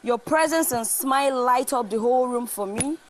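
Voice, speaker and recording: A woman's voice: high-pitched, normal speed, slight background noise. A woman giving an affectionate, earnest toast to a friend. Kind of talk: heartfelt toast speech.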